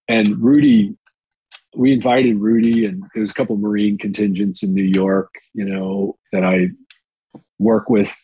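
A man's voice: on the low side, husky, no room sound, narrow, tinny audio. A man telling candid, rambling anecdotes in a casual interview, profane and full of fillers, on a close mic. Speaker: actor and guest.

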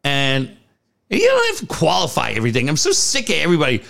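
A male podcast co-host with a gravelly edge, talking sports in a casual, blunt, profane way. His pitch sits a little high and swings widely as he gets going. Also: wildly swooping pitch, fast talker, pushed and bright.

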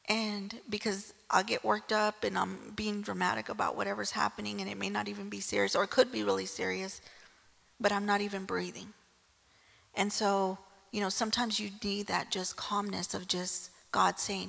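A woman's voice: mid-range voice, flat delivery, moderate pace, vocal fry, a bit bright, slightly rough, in a large hall. A woman preaching a casual sermon, telling the story in a chatty way with frequent "right?" asides.

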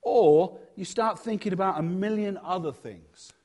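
A male church leader preaching in a lively, conversational way, with humorous asides and quieter moments on softer points. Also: high-pitched, a little slow. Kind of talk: sermon.

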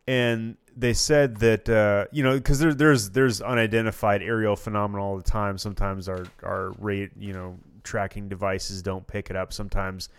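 Low smooth-voiced man in casual chat. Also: steady tone, normal speed, hardly any pauses, dry recording. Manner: rambling, restarts, swears freely. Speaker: podcast co-host.

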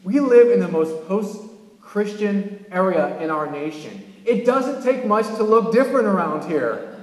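A high-voiced man from California preaches to his congregation, rising sharply on his key points. His voice rings through a roomy church sanctuary with a long, lingering reverb. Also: measured pace. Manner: animated preaching with sudden emphatic rises. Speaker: pastor. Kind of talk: sermon. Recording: echoey church hall.

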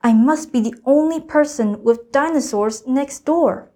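A woman's voice: high voice, unhurried, mellow, pitched above the performer's own voice. A teenage girl voicing an eager young schoolboy in a storybook reading, her voice raised and exclaiming.

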